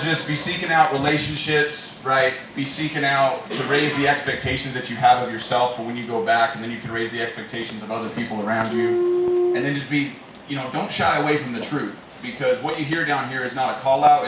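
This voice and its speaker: A man's voice: medium pitch, animated, fairly quick. A man from Utah, a business owner, sharing a self-mocking personal story and earnest advice with a group. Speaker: financial planning firm president. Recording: echoey room, distant mic, room noise.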